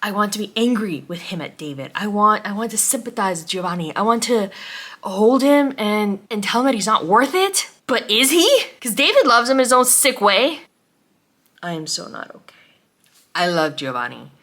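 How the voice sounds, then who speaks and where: A young woman vlogging about a book she loves, tearful and halting, often dropping to a whisper as she fights back crying. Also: medium pitch, very animated, fairly bright tone. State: close to crying. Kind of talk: emotional book reaction.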